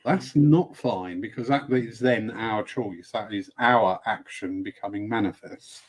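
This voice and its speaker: A man's voice: fairly low pitch, unhurried, breathy edge. A man from the United Kingdom hosting a casual live stream about spiritualism, chatty and joking as he greets viewers by name. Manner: chatty, greets viewers warmly, jokey asides. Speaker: host.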